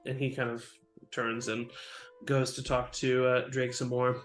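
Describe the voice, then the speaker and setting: A game master narrating in a roomy space. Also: male voice, medium pitch, monotone, measured pace. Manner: loose, filler-heavy narration. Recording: roomy with faint music.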